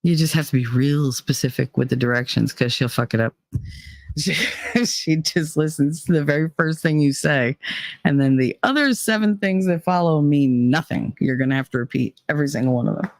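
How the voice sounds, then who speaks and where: With a low, slightly mellow voice at normal speed and no room sound, a female livestream host rants in a casual chat. She's blunt and heated, and her language is thoroughly profane.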